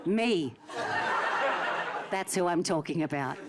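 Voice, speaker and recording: A woman's voice: lowish voice, animated, takes it slowly, some chatter behind. A woman, doing live stand-up and teasing an audience member in a theatre. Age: early 40s. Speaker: stand-up comedian. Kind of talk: live stand-up with crowd work. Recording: noisy live theatre recording.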